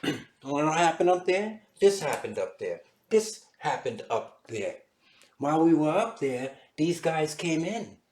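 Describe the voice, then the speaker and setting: A man's voice: a little high, big pitch swings, measured pace, a little mellow, a little hiss or hum, voice pushed up. A man acting out a young wartime fighter pilot in an urgent, pleading voice. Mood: eager. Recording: echoey room.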